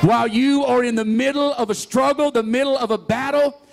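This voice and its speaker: A man preaching a sermon, leading call-and-response and building to shouts. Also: extremely high pitch, fairly even intonation, a little fast, vocal fry, a crowd in the background, noisy background.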